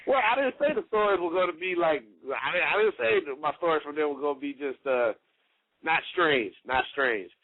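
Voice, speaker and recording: A man's voice: on the high side, lively intonation, fast talker, few pauses. A man, a wrestler guest on a radio show, telling stories in a rambling, casual way full of "you know" and "like". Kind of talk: casual storytelling. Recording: tinny dry phone line.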